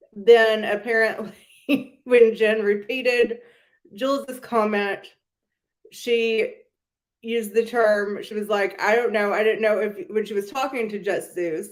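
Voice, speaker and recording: A young woman hosting a casual commentary chat, gossipy and sarcastic, often breaking into giggles. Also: fairly high pitch. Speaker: channel host.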